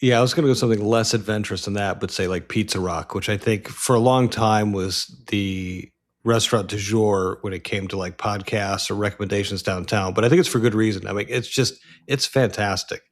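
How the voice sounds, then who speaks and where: A man's voice: fairly low pitch, steady tone, fairly quick. A man co-hosting a casual podcast, laughing often and agreeing easily. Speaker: podcast co-host. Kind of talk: casual chat.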